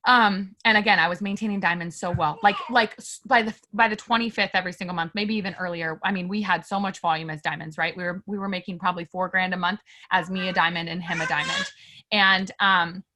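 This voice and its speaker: Woman guest chatting about her life, bright forceful voice, super animated and emphatic. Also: fairly low pitch, brisk, slight background noise. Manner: animated and emphatic, filler-heavy; candid, addresses listeners directly. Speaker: interview guest. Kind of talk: casual personal storytelling.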